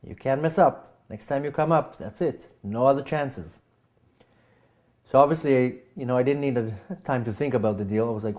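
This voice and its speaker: Mellow-voiced man telling his story haltingly. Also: medium pitch. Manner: halting, repeats words and restarts; animated when acting out scenes. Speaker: speaker giving a personal testimony. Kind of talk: spoken personal storytelling.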